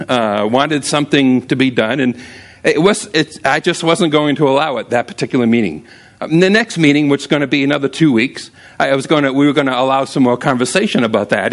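A man preaches as a pastor in a casual, humorous style, telling stories and often jumping up high for emphasis.

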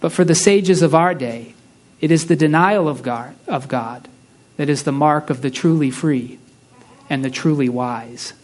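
A man preaching a sermon, reading a story aloud with slow, hushed emphasis on key lines. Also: on the high side.

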